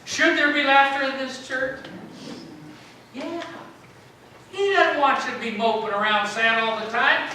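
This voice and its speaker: High, bright-voiced pastor in an echoey church. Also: male voice, steady tone, a little slow, pauses often, a little hiss or hum. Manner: chatty, jokey, keeps quizzing the congregation. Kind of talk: sermon. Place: church sanctuary. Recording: very echoey church, mic at a distance.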